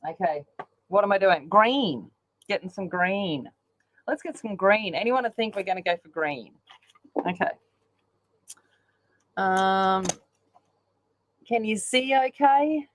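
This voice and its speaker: A woman's voice: medium pitch, expressive, takes it slowly, pauses often, slight background noise, poor audio. A woman chatting casually while she colours, rambling along with lots of ums. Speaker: colouring channel host. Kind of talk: casual chat while colouring on a live stream.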